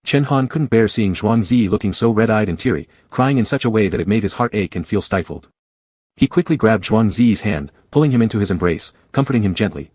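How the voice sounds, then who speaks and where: A man narrating a romance comic story in an even, measured way. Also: lowish voice, breathy edge, no room sound. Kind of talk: scripted audiobook narration.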